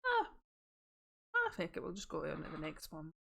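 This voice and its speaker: Scottish woman, casual streamer, playful and chatty, lively upbeat delivery. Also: fairly low pitch, moderate pace, creaky. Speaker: variety streamer. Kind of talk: casual live-stream chat.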